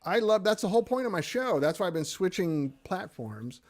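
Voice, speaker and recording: Chatty middle-aged American man, slightly high. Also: sing-song, a little fast. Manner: chatty, loose and self-deprecating. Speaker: livestream host. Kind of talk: casual chat reading viewer comments.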